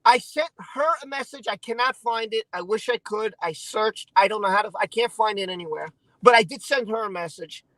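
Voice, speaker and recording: A man hosting a casual stream, venting in an emotional, halting, repetitive way. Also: high-pitched, bright, forceful tone, no echo, poor audio. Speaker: channel host.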